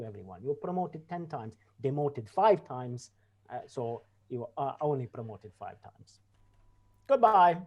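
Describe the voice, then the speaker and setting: A bumbling, self-important president rambles through a speech in broken English with a mock Russian accent, voiced by a tabletop player. His pitch swings widely and animatedly as he goes. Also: mellow, lo-fi sound, lightly acted. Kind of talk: in-character speech in a tabletop role-play.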